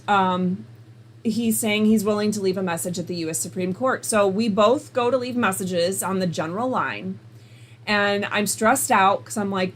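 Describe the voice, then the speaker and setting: A woman hosting a call-in show, telling a personal story in a casual, animated way and acting out both sides of the conversations. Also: mid-range voice, slight background noise. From United States. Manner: animated, retells conversations in quoted dialogue.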